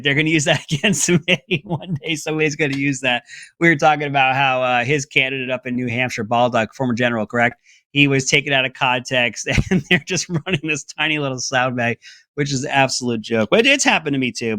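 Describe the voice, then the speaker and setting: A man's voice: pushed and bright, no echo, studio quality. A man hosting an opinionated political commentary segment, talking in a mocking, sarcastic way. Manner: mocking, breaks into high mimicking voices.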